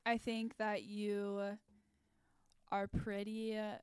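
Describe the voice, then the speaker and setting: Smooth-voiced thoughtful woman co-host. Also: mid-range voice, monotone, no echo. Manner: thoughtful, measured, with gentle questions. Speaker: podcast co-host. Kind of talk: candid podcast conversation.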